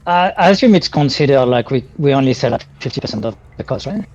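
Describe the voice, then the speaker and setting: A man playing a tabletop game, asking rules questions in a halting, stumbling way. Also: mid-range voice, animated, a little mellow. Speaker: player. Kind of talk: casual tabletop play. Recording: dull lo-fi sound.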